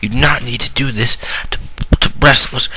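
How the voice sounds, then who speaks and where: A man's voice: mid-range voice, normal speed, very noisy, natural voice. A man imitating an indignant male TV pundit, mock-serious and preachy.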